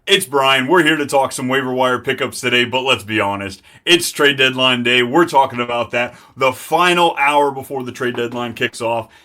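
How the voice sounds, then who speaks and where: A man hosting a live fantasy football stream, talking in an excitable, hyped and rambling way. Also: medium pitch, normal speed, hardly any pauses. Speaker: host.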